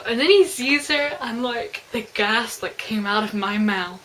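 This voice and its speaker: Woman raving about a book, kinda high voice, faint hiss behind, gets all worked up. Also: measured pace, hardly any pauses, low-quality recording. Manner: excitable, gushing, exclaims at characters. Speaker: book reviewer. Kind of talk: casual book review chat.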